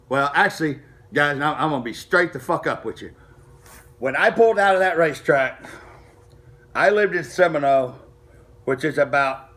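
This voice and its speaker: A middle-aged man casually telling a racing story to camera, profane and animated, acting out the people he quotes. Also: a little high. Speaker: street racer telling a story.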